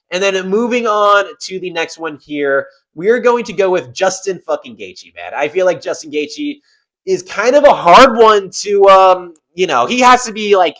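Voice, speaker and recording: A man's voice: sits high, a bit bright, rough recording. A man giving casual commentary as an MMA YouTuber, rambling and swearing a lot.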